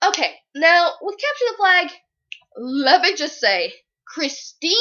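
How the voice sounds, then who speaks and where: A young woman gushes about a book she loves, retelling scenes with big dramatic swings in her voice. Her voice is high and bright, and she talks at an unhurried pace. The home recording sounds a little dull and lo-fi. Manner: gushing, dramatic, very animated retelling. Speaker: book reviewer. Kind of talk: excited casual book review.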